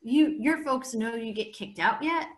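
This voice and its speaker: A woman's voice: fairly high pitch, a little slow, close to an everyday voice. Woman reading as a surly grumbling teenage boy.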